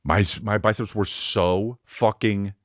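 A rambling, profane comedian in his forties hosts his own podcast. His voice sits low and deep, and he mocks himself freely. The studio mic sounds dry and close. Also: steady tone, takes it slowly, no echo. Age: 40s. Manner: rambling, profane, self-mocking. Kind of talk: casual comedic monologue.

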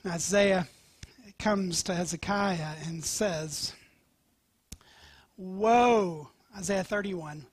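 A male pastor preaching a sermon, telling scripture stories with animated swings from loud to whispered. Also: high voice, drawn-out words, long pauses, breathy edge, no echo. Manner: animated storytelling, dropping to near-whispers.

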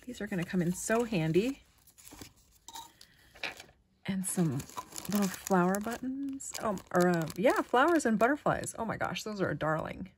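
A woman chatting casually as she unboxes a package of craft supplies, gushing with delight and often dropping to a soft whisper. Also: mid-range voice, lively intonation, measured pace, pauses often, slight background noise. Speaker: crafting vlogger.

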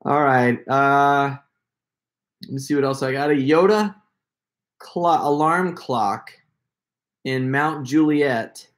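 Brief: male live-stream host at home, chatty and loose, rambles, laughs a lot. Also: mid-range voice. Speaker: prank caller hosting a livestream. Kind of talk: casual live-stream chat.

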